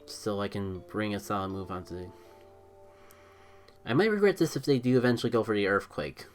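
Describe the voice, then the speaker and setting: Excitable man narrating his gameplay live. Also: fairly low pitch, brisk, soft background music. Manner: excitable, thinks aloud, self-critical. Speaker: streamer playing a mobile game.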